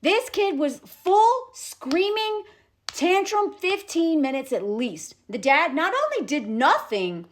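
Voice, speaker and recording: A woman records herself talking to camera in an opinionated commentary vlog. Her voice sits high and leaps around as she tells the story, and her tone is animated and indignant. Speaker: vlogger. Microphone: self-recorded to camera.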